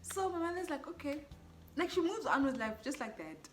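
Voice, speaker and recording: A young woman with a South African accent tells a personal story in a vlog, in a lively, exclaiming way with frequent laughs. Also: sits high, brisk, background noise. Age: young adult. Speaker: vlogger.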